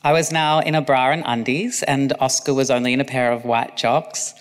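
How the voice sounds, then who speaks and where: A man's voice: mid-range voice, fairly even intonation, moderate pace, big-room sound. A man narrating his own memoir as an audiobook, with cheeky asides. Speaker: author reading own memoir.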